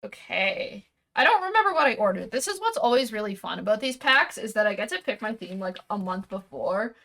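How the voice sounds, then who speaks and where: A woman's voice: medium pitch, big pitch swings, a little fast, a bit bright. A woman streamer chatting casually while unboxing, rambling and correcting herself, with a casual swear here and there.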